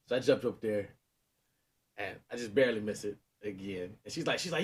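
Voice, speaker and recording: A man's voice: medium pitch, fast, a little mellow. A man in his thirties, a podcast co-host, telling a story in casual chat and laughing often, with a sore knee.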